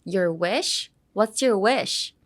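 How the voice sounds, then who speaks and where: A woman's voice: medium pitch, animated, drawn-out words, exaggerated voice. A young woman reading lines as a blunt, exasperated teenage boy from an anime. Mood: impatient. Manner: blunt, impatient.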